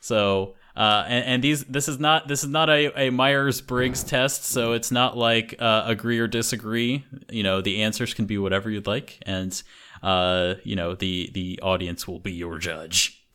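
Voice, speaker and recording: Speaking unhurriedly with fairly even intonation, this podcast host has a lowish, bright, forceful, smooth voice. He's from an English-speaking country and rambles through a casual chat, full of fillers and restarts.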